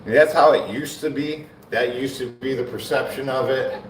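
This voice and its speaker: A man's voice: mid-range voice, moderate pace, slight background noise. A man chatting casually on a live bodybuilding stream between sets, laid-back and slangy, often laughing. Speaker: bodybuilding livestreamer. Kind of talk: casual livestream chat while training. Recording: echoey room, mic far off, faint ambience.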